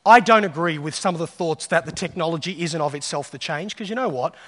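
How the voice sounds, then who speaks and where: A man's voice: on the high side, quick pace, fairly bright tone. A man giving a conference keynote, telling stories and acting out the voices of people he quotes. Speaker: keynote speaker. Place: large hall on stage. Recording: reverberant hall.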